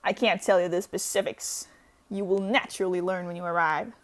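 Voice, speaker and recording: A woman's voice: fairly low pitch, fairly even intonation, a little fast, lightly acted. A woman reading the lines of a terse, mysterious man on the phone from a visual novel, in her own voice.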